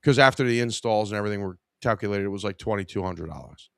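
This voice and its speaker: A man's voice: on the low side, fast, vocal fry, a bit bright, no room sound, studio quality. A man hosting a podcast, telling a story in a casual, profane, exasperated way. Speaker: podcast host.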